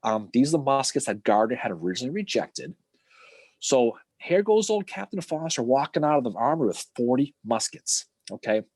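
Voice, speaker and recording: Brief: man, husky voice, very lively pitch, animated casual storyteller, dry close sound. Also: brisk, dry recording. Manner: animated storytelling with acted-out quotes and swearing. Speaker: podcast co-host. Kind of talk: casual history podcast chat.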